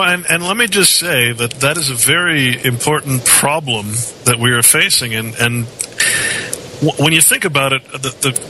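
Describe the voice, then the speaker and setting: Bright-toned opinionated caller man. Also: mid-range voice, slight background noise, rough recording. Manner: opinionated, lecturing. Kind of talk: call-in radio talk.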